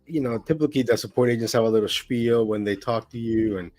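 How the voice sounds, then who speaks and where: Rambling gig driver, dry close sound. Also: male voice, medium pitch, fast, a little mellow, no echo. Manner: rambling, many "like" and "you know". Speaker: gig delivery driver guest. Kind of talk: casual interview chat.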